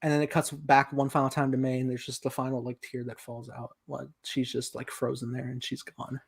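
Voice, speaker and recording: A man's voice: medium pitch, monotone, fairly quick, gravelly, slightly rough. A young man co-hosting a casual film review podcast, animatedly retelling scenes and acting out quoted lines. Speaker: podcast co-host.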